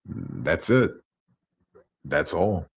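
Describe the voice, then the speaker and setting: A man's voice: low-pitched, big pitch swings, drawn-out words, gravelly, husky. A man ranting on his stream, heated and profane as he tells his side of a feud. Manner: angry, profane storytelling.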